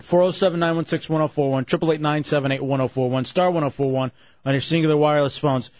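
A man hosting a radio show, chatting casually and joking around, quick to rattle off phone numbers. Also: on the high side, fairly even intonation, darkish tone, dry recording. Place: radio studio. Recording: slightly muffled broadcast audio.

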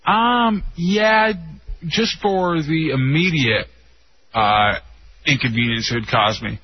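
A man's voice: on the high side, takes it slowly, slightly rough. A young man co-hosting a radio show, talking in a blunt, teasing, matter-of-fact way. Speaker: radio co-host. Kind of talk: casual radio chat. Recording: dull lo-fi radio sound.

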